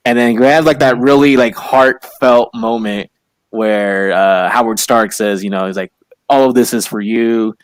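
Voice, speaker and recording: A man's voice: medium pitch, steady tone, unhurried, smooth, no echo. A man co-hosting a casual movie discussion, earnest and hesitant, with many fillers. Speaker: co-host.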